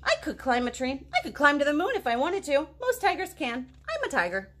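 A woman's voice: sits high, sing-song, brisk, a bit bright. A woman voicing a small boastful male mouse who insists he is a tiger, in a storybook reading. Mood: insistent. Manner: stubborn, growls for show.

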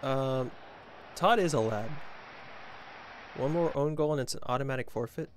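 Speaking at a normal speed with a medium pitch, this male streamer plays a video game live and reads chat, cracking sarcastic, self-deprecating jokes about his play. A slight hiss or hum runs under the recording.

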